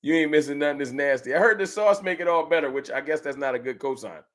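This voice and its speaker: A man hosting a fan livestream, chatting with viewers and ranting with slangy, animated trash talk. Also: on the high side, quick pace. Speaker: sports fan livestream host. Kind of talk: casual livestream chat reading super chats.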